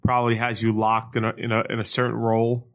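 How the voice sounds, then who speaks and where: A man co-hosting a podcast, calmly explaining and asking questions in casual chat. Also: mid-range voice, quick pace. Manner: calm, explanatory, asks questions. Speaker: podcast co-host.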